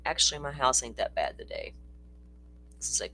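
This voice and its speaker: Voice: medium pitch, huge pitch swings, moderate pace, gravelly, sharp tone, a little hiss or hum. A livestream host, chatting casually and rambling through a true-crime stream, laughing often and swearing freely, sounding tired. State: tired, yawning.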